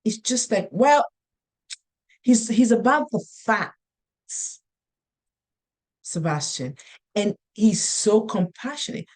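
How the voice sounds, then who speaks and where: A middle-aged woman gives a casual motivational talk in a mid-range, slightly mellow voice that's very animated. She tells her stories earnestly and without hurry, restarting often.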